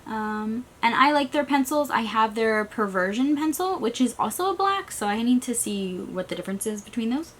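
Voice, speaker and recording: A woman's voice: a little high, expressive, fairly bright tone. Chatty woman unboxing beauty products. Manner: chatty, rushed, trailing off. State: recovering from a migraine. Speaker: beauty vlogger. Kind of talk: casual unboxing chat. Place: small stuffy room.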